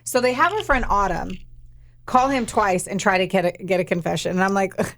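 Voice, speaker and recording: A woman's voice: mid-range voice, expressive, fairly quick, a bit bright. A young woman co-hosting a podcast, retelling a true-crime case in casual, profane, emphatic chat. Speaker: podcast co-host.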